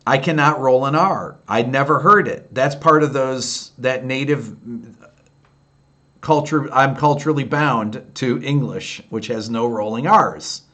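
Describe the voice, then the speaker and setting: A man in his fifties with an upstate New York accent hosts a late-night livestream, chatting candidly and rambling through answers to viewers' comments. His mid-range voice is unhurried, with a fairly bright tone.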